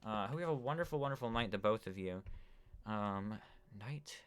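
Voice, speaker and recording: Crisp-voiced casual male streamer. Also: lowish voice, expressive, normal speed. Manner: rambling, talks to chat with many fillers. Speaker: gaming streamer. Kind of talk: casual live-stream chat.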